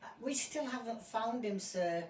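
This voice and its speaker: A woman's voice: a little high, animated, normal speed, darkish tone, recorded from a distance, a little hiss or hum, natural voice. Woman playing an anxious, pleading dog owner. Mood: upset. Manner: pleading, emotional. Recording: roomy and from off the mic, faint ambience.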